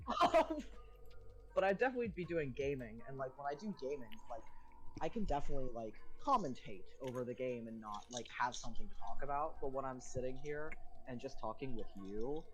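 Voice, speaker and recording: Trans man, voice breaking, mid-pitched, rambling casual stream chat, lots of swearing. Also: expressive, brisk, a bit bright, soft background music, poor audio. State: voice dropping and cracking on testosterone.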